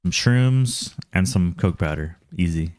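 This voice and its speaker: Deep-voiced Texan man streaming a game. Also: expressive, unhurried, a little mellow, no room sound. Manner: chatty, laughs often, talks to himself and chat. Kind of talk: casual gameplay commentary.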